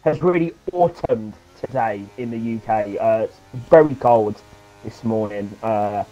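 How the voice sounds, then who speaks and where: A man co-commentating a sim race, chatty and giggly, getting excited when cars battle. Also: lowish voice, unhurried, lo-fi sound.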